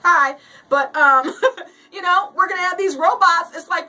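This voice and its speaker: A woman's voice: very high voice, a little slow, pushed and bright, far from the mic, poor audio. A woman hosting a casual show, chatting and reading a joke aloud, laughing often and acting out the voices as she reads. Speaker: host.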